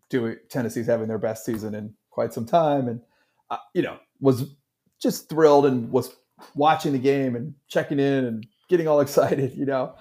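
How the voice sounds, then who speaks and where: A middle-aged man co-hosting a casual sports podcast, animated and rambling with frequent restarts. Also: mid-range voice. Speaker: podcast co-host.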